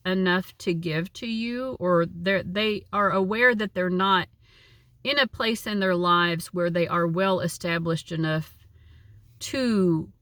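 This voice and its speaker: A woman's voice: lowish voice, pushed and bright, no room sound. A woman giving a casual, chatty tarot reading, with a lot of likes and you knows. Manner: chatty, uses many fillers. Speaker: tarot reader.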